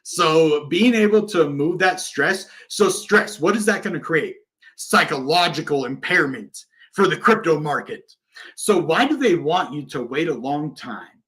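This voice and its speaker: A man hosting a crypto livestream and talking straight to his viewers. His voice sits a little high, and he gets excited and passionate, jumping between loud bursts and quieter asides. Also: measured pace. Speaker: crypto channel host. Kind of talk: casual livestream talk.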